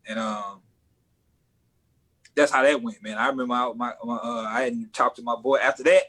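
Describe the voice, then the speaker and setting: A man's voice: medium pitch, fairly even intonation, normal speed, long pauses, a bit bright. A male rap artist speaking as a podcast guest in an earnest, laid-back way, with many fillers. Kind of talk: casual interview chat.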